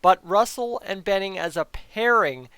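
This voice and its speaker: A man giving a casual, energetic hockey game preview to his viewers, chatty and direct. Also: high-pitched, moderate pace, clear, resonant tone, dry recording. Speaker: hockey YouTuber.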